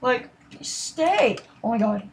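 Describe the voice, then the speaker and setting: A woman giving casual commentary over her gameplay, rambling and apologetic, sometimes trailing into quiet mutters and then bursting out excitedly. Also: on the high side, slow, a little hiss or hum. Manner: excitable outbursts. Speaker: gaming commentator.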